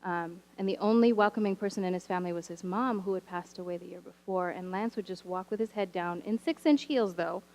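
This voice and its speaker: Woman, teacher, sermon storytelling, animated, wry asides, church sanctuary. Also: fairly low pitch, fairly quick, hardly any pauses, poor audio. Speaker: teacher sharing a story from the pulpit.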